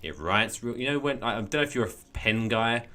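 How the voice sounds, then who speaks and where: A man co-hosting a podcast, talking in a rambling, animated, storytelling way. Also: medium pitch, a little fast. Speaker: podcast co-host. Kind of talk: casual chat.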